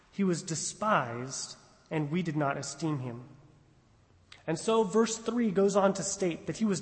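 A man preaching an expository sermon, emphatic, slowing down to stress repeated phrases. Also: high voice, big-room sound.

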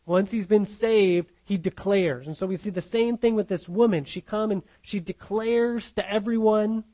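A man's voice: high voice, normal speed, dark tone, low-quality recording. A man preaching a sermon and explaining a Bible passage. He teaches earnestly, repeats key phrases for emphasis and often asks "right?".

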